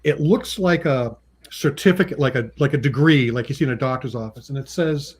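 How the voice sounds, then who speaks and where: A man of average pitch telling casual stories as a guest on a chat show about his own comic work. He laughs often and slips into lively voices when quoting others, with frequent ums and restarts. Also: a little fast, breathy edge. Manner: chatty, acts out quoted people with pitch jumps; laughs often between remarks. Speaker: comic book writer and artist, guest. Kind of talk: casual anecdotal storytelling.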